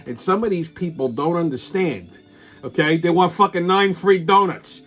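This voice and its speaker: A man hosting a comic, profane ranting monologue, telling stories in an animated way. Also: sits high, a little fast. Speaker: host.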